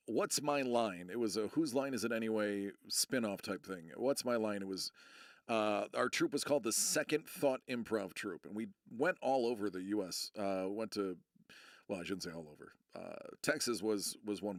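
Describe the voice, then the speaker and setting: A man's voice: on the low side, no echo, studio quality. A middle-aged American man chatting casually on a live stream, rambling and joking about himself, full of fillers and restarts. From United States. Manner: rambling, self-deprecating, many fillers and restarts.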